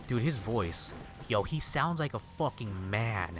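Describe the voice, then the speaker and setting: A man's voice: on the low side, lively intonation, a little slow, over music. A young adult man streaming a game, chatting casually with viewers in a rambling, slangy way. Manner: rambling, slangy, peppered with "dude" and "like". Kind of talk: casual gameplay chat.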